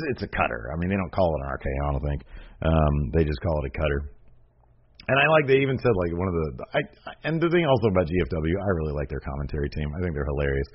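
A man casually recapping a show in a rambling way, full of fillers and joking asides. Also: on the low side. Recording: dull lo-fi recording.

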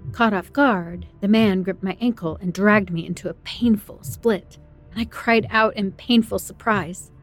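A woman's voice: medium pitch, unhurried, faint music behind. A woman narrating a first-person horror story in a tense, dramatic way.

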